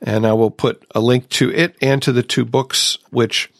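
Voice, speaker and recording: A man's voice: medium pitch, steady tone, normal speed, creaky, dry recording, studio quality. A man hosting a recovery podcast, sharing his own experience in a reflective, casual way. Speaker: podcast host.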